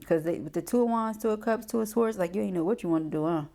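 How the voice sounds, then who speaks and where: A woman's voice: mid-range voice, fast talker, mellow. A woman doing a casual tarot reading, chatty and slangy, often checking in with "okay?". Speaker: tarot reader.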